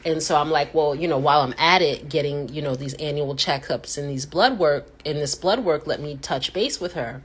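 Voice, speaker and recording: Lively woman telling a story. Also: moderate pace, hardly any pauses, slightly rough. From United States. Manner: animated storyteller who acts out quotes with sudden pitch jumps. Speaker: host. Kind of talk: casual livestream chat.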